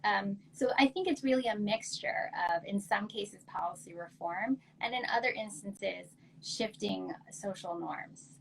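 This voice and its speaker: A woman guest expert answering interview questions in an articulate, measured way. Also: mid-range voice, vocal fry, a little hiss or hum, rough recording. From United States.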